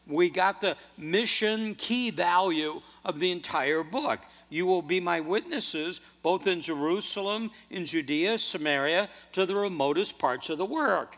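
Male pastor, sermon, high bright voice, animated delivery, reverberant church hall. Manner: animated, earnest preaching with restarts.

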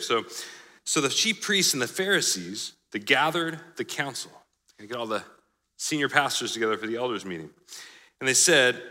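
A man's voice: medium pitch, sing-song, brisk, pushed and bright. A man preaching a sermon, joking and laughing at his own examples. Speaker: pastor. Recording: live sermon in a hall with long reverb.

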